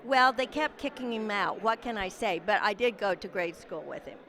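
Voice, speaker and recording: A woman's voice: mid-range voice, moderate pace, fairly bright tone, some chatter behind. A woman in her sixties interviewing guests on a red carpet at a class reunion, effusive and teasing. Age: 60s. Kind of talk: casual event interviews.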